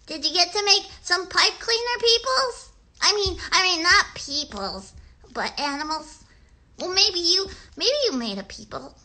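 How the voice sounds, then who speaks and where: Woman voicing a very high, bright little girl puppet; chatty, rambling, talks slowly to kids. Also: animated, exaggerated voice. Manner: rambling, hesitant, talks straight to young viewers. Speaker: puppet show host. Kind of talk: children's puppet livestream.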